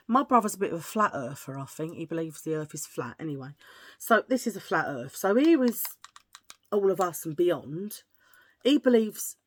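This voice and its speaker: A British woman talking to her camera in a casual haul video, chatty and rambling, cracking self-mocking jokes as she goes. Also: lowish voice. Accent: British English. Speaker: vlogger.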